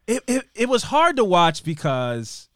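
Animated man recapping a TV show. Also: sits high, unhurried, no room sound, clean studio sound. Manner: animated, rambling storyteller who acts out scenes. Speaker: podcast co-host recapping a TV episode. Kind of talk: casual recap chat.

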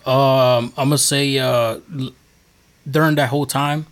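This podcast guest's mid-range voice stays steady and unhurried. He relates his faith testimony in an earnest, casual, rambling manner with plenty of fillers.

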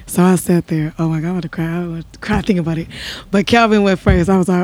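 A woman guest on a talk show, telling her story with lively acted-out quotes. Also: fairly low pitch, fast. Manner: animated storyteller, acts out quotes. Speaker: podcast guest, married singer. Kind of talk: casual conversation.

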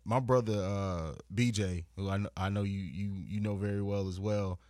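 A man's voice: on the low side, steady tone, moderate pace, a little mellow, no echo. Earnest man in a dry, close recording. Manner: earnest, reflective, with frequent restarts. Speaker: podcast guest. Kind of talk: casual podcast chat.

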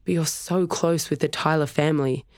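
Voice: medium pitch, steady tone, moderate pace, dry recording, lightly acted. A wary young woman, read by a narrator speaks in short, clipped lines. The voice sits close and dry. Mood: tense. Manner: clipped, snapping. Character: tense young woman, a pro surfer.

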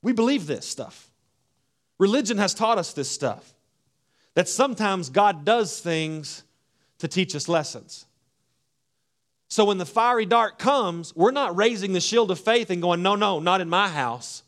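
A man delivers a sermon with a somewhat high-pitched voice. He drops into hushed, low phrases, then rises to loud, emphatic declarations. His voice is expressive and dramatic. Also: unhurried, long pauses. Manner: preaching with wide swings between hushed and loud, acting out voices. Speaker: pastor.

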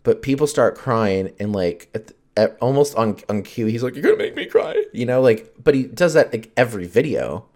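A man with a very low, deep voice talks alone into a podcast mic, loose and unscripted. He rambles from thought to thought, leaning on "like", swearing freely and breaking into laughs. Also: animated, moderate pace, hardly any pauses, a little mellow. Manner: rambling, heavy on fillers, swears, laughs often. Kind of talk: casual solo podcast chat.

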